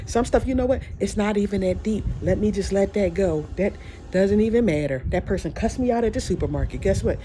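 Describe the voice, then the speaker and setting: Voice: medium pitch, a little fast. A podcast host giving a casual, heartfelt encouraging monologue, rambling and repeating phrases, saying y'all. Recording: steady background noise.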